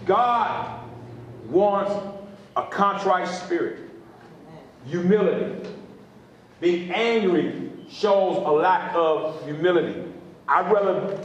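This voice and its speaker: A man's voice: fairly high pitch, very echoey, muffled recording, slight background noise. A man preaching as a pastor, repeating phrases and drawing responses from listeners. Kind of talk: sermon teaching.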